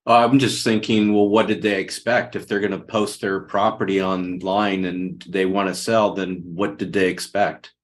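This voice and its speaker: A man's voice: sits low, little pitch movement, moderate pace, few pauses. A man in a group coaching call, blunt and matter-of-fact as he shares his view over a video call. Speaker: coaching student.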